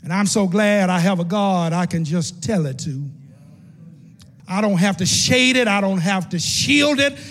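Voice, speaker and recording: A man preaching a sermon as pastor, dropping to low murmurs and rising to shouted, half-sung peaks. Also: a little slow, in a large hall.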